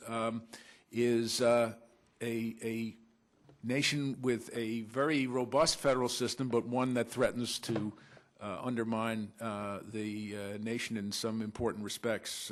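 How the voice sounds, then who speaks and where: Halting male law professor lecturing. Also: mid-range voice. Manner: halting, many uh fillers and restarts. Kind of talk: academic conference talk. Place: lecture room at a law school panel.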